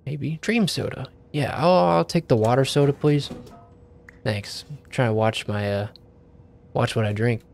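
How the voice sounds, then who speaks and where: A man's voice: medium pitch, a little slow, gravelly, darkish tone. A man playing a game and commenting in a playful way, joking and talking to himself. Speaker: gaming video creator. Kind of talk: let's play commentary. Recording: faint game music behind.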